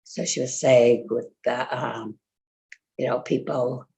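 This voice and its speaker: A woman's voice: very deep voice, steady tone, slow pace, gravelly, warm tone. An older woman chatting casually with fellow congregants, telling a rambling story full of fillers and quoted speech. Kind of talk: casual chat.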